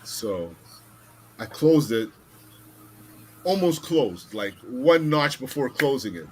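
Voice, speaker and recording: A man hosting a podcast, telling a story in an animated, casual way, with some swearing. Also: medium pitch, takes it slowly, slight background noise. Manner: animated, swearing, acts out voices in stories. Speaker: podcast host.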